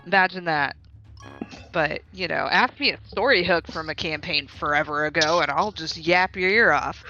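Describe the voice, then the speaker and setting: A woman running a tabletop game as dungeon master, chatting and recapping with quick self-deprecating asides. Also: sits low, sharp tone. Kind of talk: casual game-master chat and narration. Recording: dull lo-fi audio with faint music.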